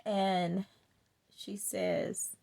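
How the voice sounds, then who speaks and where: A woman's voice: medium pitch, steady tone, very slow, creaky, mellow. A woman telling a personal story in a chatty way, laughing now and then and acting out what people said. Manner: chatty, laughs while telling, acts out quotes.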